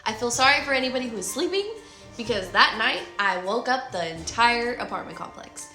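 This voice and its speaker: A woman in her twenties telling a personal story in an animated way, acting out her own shouts and quoted lines. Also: a little high, a little fast, echoey room, faint music behind. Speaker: vlogger. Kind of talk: emotional storytime retelling.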